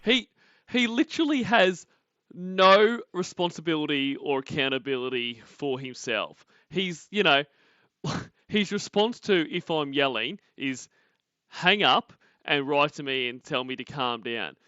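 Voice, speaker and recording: Sarcastic man, forceful voice. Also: fairly high pitch, lively intonation, measured pace, no echo, dull audio. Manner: blunt, sarcastic, swears and laughs often. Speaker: streamer reacting to a call recording. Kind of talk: casual commentary.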